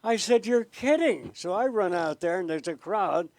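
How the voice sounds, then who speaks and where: A man in his seventies, a former TV weatherman, telling lively anecdotes as an interview guest. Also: high voice, moderate pace, no echo. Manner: animated storyteller who jumps between voices.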